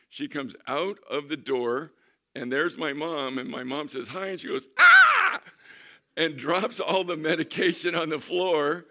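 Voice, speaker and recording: A male pastor preaching and telling a story from the pulpit. His voice is gravelly with a bright, forceful edge. He acts out the people in the story with lively energy. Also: mid-range voice. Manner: animated storyteller acting out quotes. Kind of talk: sermon storytelling.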